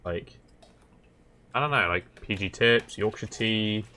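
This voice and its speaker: A man's voice: on the low side, slow pace, bright, forceful tone, clear, resonant tone. A young man from Southwest England, a podcast guest in casual chat, easygoing and full of "like" fillers. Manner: easygoing, lots of fillers, repeats himself.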